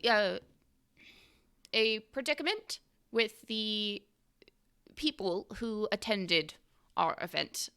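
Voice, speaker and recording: A woman voicing a formal young society woman on a phone call in a tabletop role-play, polite and halting. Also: medium pitch, bright, forceful tone, smooth, pitched above the performer's own voice, heavily acted.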